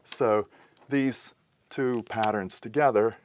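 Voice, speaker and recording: A man's voice: fairly low pitch, steady tone, slow, background noise. A man giving a recorded lesson, explaining step by step in a methodical way and correcting himself now and then. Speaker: teacher. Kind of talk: recorded lecture.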